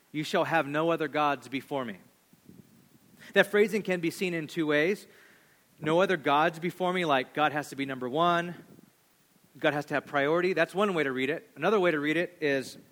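A male pastor in his thirties delivering a sermon with a high-pitched voice. He is animated, rising loud for emphasis and dropping to hushed, low asides. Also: fairly quick.

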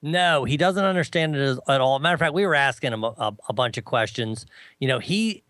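Animated man telling a story. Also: fairly quick, no echo. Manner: animated storyteller, mimics others in a high voice. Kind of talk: casual chat.

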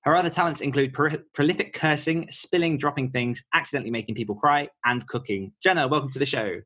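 Fast-talking husky male podcast host. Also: mid-range voice, pushed and bright. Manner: upbeat, playful, quick to laugh. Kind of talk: casual interview hosting.

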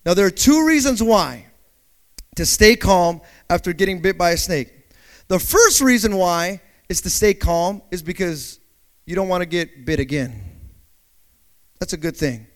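A male pastor delivering a dynamic sermon, swinging between quiet explanation and loud call-outs, acting out panicked voices and asking the congregation to respond. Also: sits high, expressive. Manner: acts out panicked voices in quick asides.

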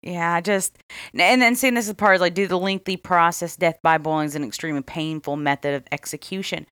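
A man's voice: on the high side, steady tone, fairly quick, sharp tone, clear, resonant tone, no room sound. A man co-hosting a casual podcast, laid-back, reading from notes and swearing now and then. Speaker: podcast co-host.

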